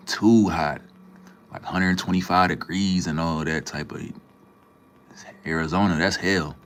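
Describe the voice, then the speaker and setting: Very deep-voiced laid-back man. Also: a little hiss or hum. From Minnesota, USA. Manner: laid-back, slangy, greets chatters by name. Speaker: livestream host. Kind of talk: casual livestream chat with viewers.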